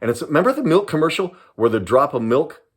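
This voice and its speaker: An older Southern California man, a retired police sergeant, tells stories straight to camera in a loose, casual way. He talks quickly in a husky voice with widely swinging pitch and an animated delivery. He keeps repeating himself and tossing in "man."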